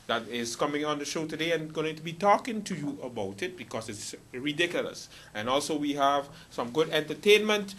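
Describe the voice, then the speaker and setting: A man with a bright, forceful voice pitched a little high hosts a late-night comedy show. He rambles through his monologue, stumbling over words and restarting his sentences. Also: expressive, brisk, hardly any pauses.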